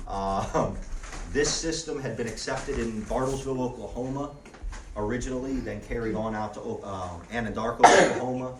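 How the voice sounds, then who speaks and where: A man teaching a language class in a relaxed way, often checking in with the students by asking "okay?". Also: mid-range voice, background noise. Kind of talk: classroom lesson. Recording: roomy, distant audio with faint background ambience.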